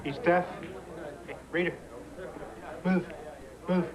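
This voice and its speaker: An actor playing an unfriendly bartender with short, gruff replies. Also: male voice, sits high, fairly even intonation, takes it slowly, crowd noise. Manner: gruff, unhelpful. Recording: dull sound, crowded bar behind.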